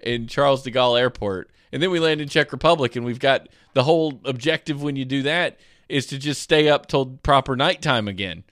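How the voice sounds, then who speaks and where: A man's voice: mid-range voice, brisk, few pauses, no room sound, studio quality. A man from South Alabama, chatting casually as a streamer and rambling through stories. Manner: rambling, animated storyteller. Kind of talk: casual chat.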